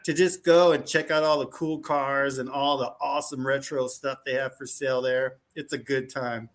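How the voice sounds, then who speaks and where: A man's voice: medium pitch, moderate pace. A man talking as a podcast guest, telling a casual story with lots of fillers and restarts. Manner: animated, rambling, full of "like" and restarts.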